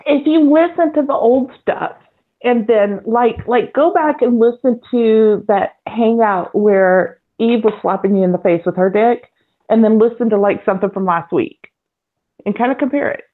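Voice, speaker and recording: A woman's voice: a little high, moderate pace. A woman co-hosting a casual live-stream chat, asking curious, rambling questions. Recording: tinny phone-like line.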